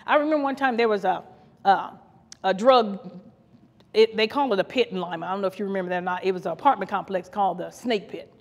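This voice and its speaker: Speaking fast in a mid-range voice, this Ohio woman serves as co-pastor and delivers an impassioned sermon for a podcast. Her phrases come back again and again, broken by occasional laughter, all within a long, echoing hall reverb.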